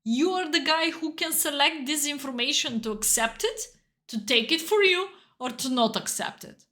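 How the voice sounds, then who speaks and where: A woman from Bulgaria with a Bulgarian accent, chatting earnestly and emotionally on a live chess stream while playing blitz, in halting non-native English. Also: high voice, animated, sharp tone. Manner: earnest and encouraging, with broken non-native phrasing.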